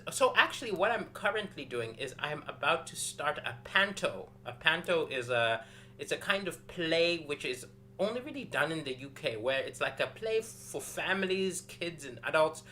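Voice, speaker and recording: Animated male comedian chatting on a livestream. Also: a little high, slight background noise. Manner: animated, acts out quotes, greets viewers by name. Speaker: stand-up comedian hosting a live stream. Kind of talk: casual livestream comedy chat. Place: rented flat.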